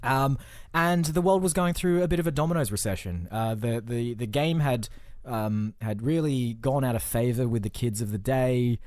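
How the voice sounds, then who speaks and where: A man's voice: medium pitch, normal speed, a little mellow, dry recording, studio quality. A man co-hosting a casual comedy podcast, rambling through absurd made-up stories with a joking manner. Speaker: podcast co-host.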